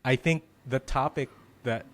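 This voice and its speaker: A man's voice: medium pitch, measured pace. A man hosting a podcast, chatting casually and thinking aloud with frequent fillers. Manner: reflective, thinking aloud with many "like"s. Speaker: podcast host. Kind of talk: casual conversation.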